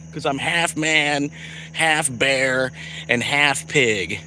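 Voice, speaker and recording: A man's voice: mid-range voice, sharp tone, slight background noise, rough recording. A man chatting casually on a livestream, rambling, swearing and laughing often, outdoors at night.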